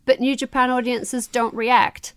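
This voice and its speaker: A woman's voice: fairly high pitch, little pitch movement, unhurried, fairly bright tone, clean tone, no echo. A woman co-hosting a podcast, chatting animatedly and laughing easily. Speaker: podcast co-host. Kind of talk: casual wrestling chat.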